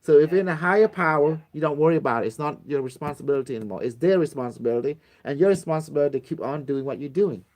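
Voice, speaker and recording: Racing along with few pauses, the spiritual teacher sounds animated, his voice a little high and a touch mellow. His informal lesson for a small group is blunt and repetitive, full of swearing and acted-out pleading prayers.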